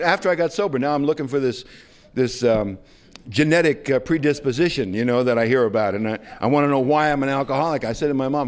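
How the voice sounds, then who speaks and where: Speaking fast in a medium-pitched voice, a man shares his story at a recovery meeting. It's humorous personal storytelling, rambling and self-deprecating, with plenty of fillers.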